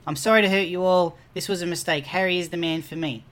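A man's voice: high-pitched, fairly even intonation, fast talker, a bit bright. Man doing a sobbing, pleading lovesick husband. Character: tearful, lovestruck middle-aged husband.

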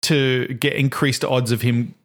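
A man's voice: mid-range voice, little pitch movement, unhurried. A man co-hosting a podcast, rambling and cutting himself off as he chats. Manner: rambling, self-interrupting, laughs often. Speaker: podcast co-host. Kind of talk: casual chat.

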